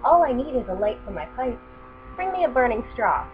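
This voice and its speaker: A cunning old witch who speaks in a low, coaxing storybook voice, as a woman reader puts her on. The recording is tinny and narrow, with a steady mains hum underneath. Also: a little fast.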